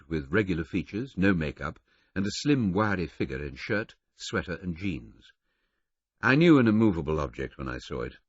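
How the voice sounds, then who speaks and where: A man reading a novel aloud in the first person, telling the story in a lively, varied way. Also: deep voice, breathy edge, dry recording, highs cut off. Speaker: audiobook reader.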